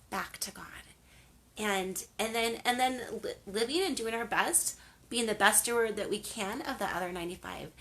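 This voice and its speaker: A woman's voice: mid-range voice, a bit bright, a little hiss or hum. Older woman host, earnest storyteller, casual faith talk with plenty of fillers.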